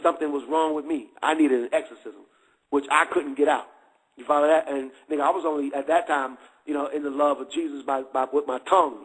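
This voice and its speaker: A man's voice: fairly high pitch, breathy edge, low-quality recording. A middle-aged man giving a candid testimony in street slang, checking again and again that listeners follow.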